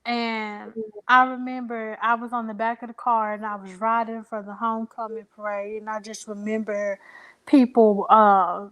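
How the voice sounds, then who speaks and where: A young woman telling a personal story as an interview guest, emotional and halting, with many pauses and fillers. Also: on the high side, level tone, fairly bright tone, smooth.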